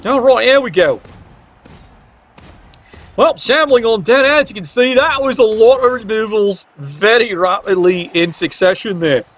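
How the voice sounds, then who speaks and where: A man's voice: high-pitched, expressive, a little slow, a bit bright. Wry man commentating a match. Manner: wry, joking asides. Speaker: game commentator. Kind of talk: play-by-play commentary. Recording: dull lo-fi recording.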